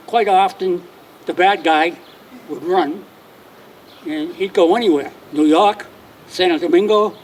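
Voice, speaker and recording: A man's voice: sits high, distant mic, slight background noise. Older storytelling man. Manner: wry storyteller acting out dialogue in voices. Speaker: retired homicide detective telling stories. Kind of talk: anecdotal speech to an audience. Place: outdoor public dedication ceremony.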